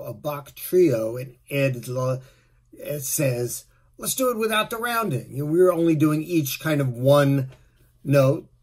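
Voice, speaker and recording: A middle-aged man, a musician, giving relaxed, rambling tips on playing his instrument. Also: mid-range voice. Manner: relaxed, rambling, with fillers and asides. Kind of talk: casual spoken tip video.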